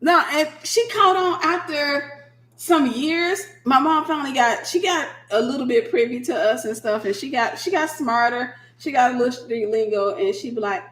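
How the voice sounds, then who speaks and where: A woman's voice: high voice, moderate pace. Sleepy woman minister, roomy echo. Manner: animated storyteller who acts out quoted voices. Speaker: minister and livestream host. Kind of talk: casual late-night livestream chat.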